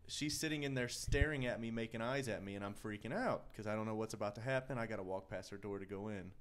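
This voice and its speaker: A man's voice: lowish voice, quick pace. A man co-hosting a podcast, rambling through a story in casual banter with lots of restarts. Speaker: podcast co-host.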